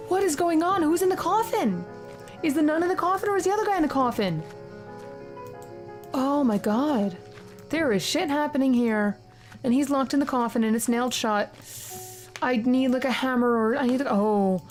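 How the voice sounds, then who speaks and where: A woman playing a horror video game, reacting excitedly with frequent swearing and reading the on-screen text aloud. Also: a little high, normal speed, faint music behind. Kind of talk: casual let's-play commentary.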